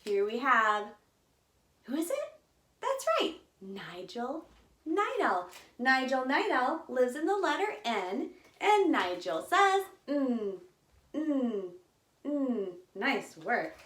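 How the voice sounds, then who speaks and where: A woman's voice: high-pitched, very animated, takes it slowly, fairly bright tone. Sing-song woman teaching phonics, roomy. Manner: sing-song and encouraging, modeling letter sounds. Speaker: early literacy teacher. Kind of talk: children's phonics lesson.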